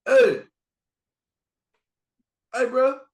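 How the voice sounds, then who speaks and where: A man's voice: very high-pitched, normal speed, gravelly, pitched above the performer's own voice, full character voice. A man voicing an overeager young male fan who keeps calling him bro. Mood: excited. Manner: repeats bro, pushy and excited.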